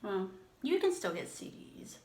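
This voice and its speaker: A woman's voice: mid-range voice, very animated, normal speed, darkish tone, a little hiss or hum. Chatty woman in an echoey room. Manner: chatty, teasing, exclaims. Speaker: mukbang host. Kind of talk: casual chat.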